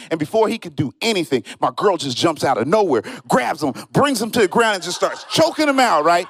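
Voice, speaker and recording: Animated male stand-up comic on stage. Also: high voice, fast talker. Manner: animated storytelling, acts out friends and strangers in quoted voices. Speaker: stand-up comedian. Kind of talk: stand-up comedy set. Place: comedy show stage, live audience.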